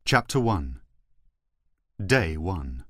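A man reading an audiobook aloud in the first person, measured and controlled. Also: deep voice, sing-song, fairly bright tone, no echo. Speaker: audiobook narrator. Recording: dry close studio sound.

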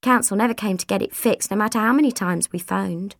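A woman narrating an audiobook, with expressive voices for each character. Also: mid-range voice, a little fast, vocal fry, no echo, clean studio sound.

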